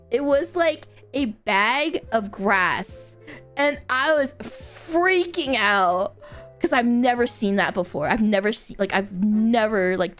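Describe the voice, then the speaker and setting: A woman streamer chatting casually, telling a story in a rambling way with lots of fillers and bursts of laughter. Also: medium pitch. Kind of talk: casual chat.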